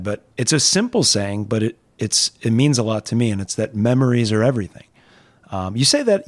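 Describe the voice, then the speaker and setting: A man hosting a podcast, asking long rambling questions full of fillers in casual chat. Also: lowish voice. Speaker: podcast host.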